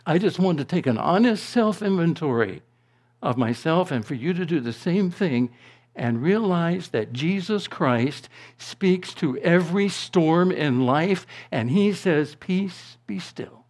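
A man preaching a sermon to his congregation, slow and deliberate, rising to emphatic proclamations and dropping to a hush. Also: fairly high pitch, lively intonation. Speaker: pastor.

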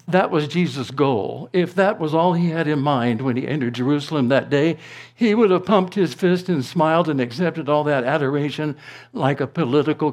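A pastor with a fairly high-pitched voice preaches to his congregation. He speaks slowly and deliberately, building to emphatic proclamations before dropping to a hush.

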